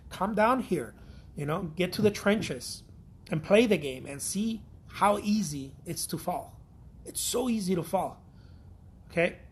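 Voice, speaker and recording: A man's voice: high-pitched, slight background noise. A man from Mexico, an artist giving a blunt, profane, repetitive pep talk in a casual vlog.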